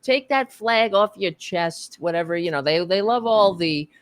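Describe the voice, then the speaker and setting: A woman's voice: on the low side, lively intonation, normal speed, no room sound. An American woman on a podcast panel, talking in an impassioned, profane way with many restarts. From United States. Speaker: book club panelist. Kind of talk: podcast discussion.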